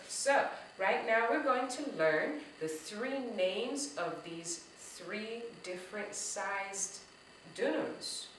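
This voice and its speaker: A woman teaching a children's drumming lesson, speaking slowly and encouragingly and chanting words loudly syllable by syllable. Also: mid-range voice, background noise. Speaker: teaching artist. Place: room full of drums. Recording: echoey room, voice a bit far from the mic.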